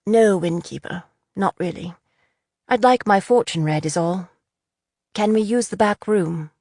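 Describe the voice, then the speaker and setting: A woman voicing a calm, authoritative male lord who questions a young man, in a storybook reading. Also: medium pitch, measured pace, no room sound, clean studio sound. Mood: commanding. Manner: even, authoritative.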